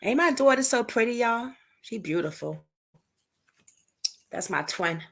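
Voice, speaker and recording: A woman's voice: a little high, animated, unhurried, creaky, a bit bright. A woman hosting a casual livestream at home at night, chatting to her viewers and reacting to their comments as she goes. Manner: chatty, talks straight to viewers and reads out comments. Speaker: livestream host discussing unsolved cases. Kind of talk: casual live-stream chat.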